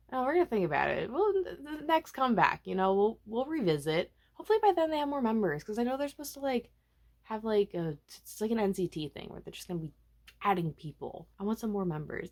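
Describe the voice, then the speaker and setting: Lively, chatty young woman vlogger. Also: mid-range voice. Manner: animated, chatty, self-mocking, bursts into snippets of song. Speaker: K-pop vlogger. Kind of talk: casual chatty album review.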